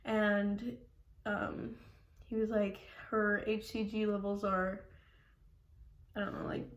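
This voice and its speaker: A woman's voice: mid-range voice, little pitch movement, slow, dull audio, a little hiss or hum. A young woman vlogging at home, telling a story casually in a rambling way, full of "like" and laughing often. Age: young adult. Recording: echoey room.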